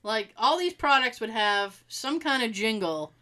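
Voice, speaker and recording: A woman with a Boston accent co-hosting a podcast in casual chat, giggly and animated, laughing often. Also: on the high side, a little slow. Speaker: podcast co-host.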